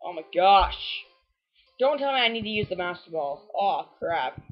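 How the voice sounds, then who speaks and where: A woman's voice: fairly low pitch, expressive, moderate pace, highs cut off. A woman giving rambling, casual commentary while playing a video game and talking back at it. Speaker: let's play host.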